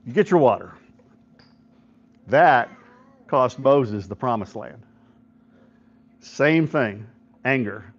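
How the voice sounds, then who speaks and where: A middle-aged man, a pastor, gives an informal devotional talk at a men's breakfast, often checking in with listeners and retelling stories with quoted voices. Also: mid-range voice. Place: church hall at a men's breakfast. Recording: dull lo-fi recording.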